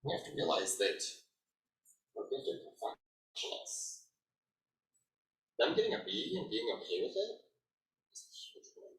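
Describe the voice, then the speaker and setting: A man in his thirties presenting to an audience in a casual, animated way, his bright voice swinging widely in pitch. He sounds a little away from the microphone in a reverberant room. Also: unhurried, long pauses. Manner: conversational, animated, lots of "like". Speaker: educator presenter. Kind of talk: conference presentation. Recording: echoey room, mic at a distance.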